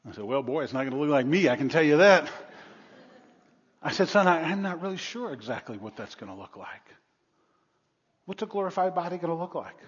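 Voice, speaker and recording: A male pastor delivering a sermon in a fairly high voice, swinging from soft, hushed lines to loud, emphatic ones with touches of humor. The sound is dull and lo-fi, with a long reverb trailing each phrase as in a large church. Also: expressive, brisk, pauses often, slightly rough.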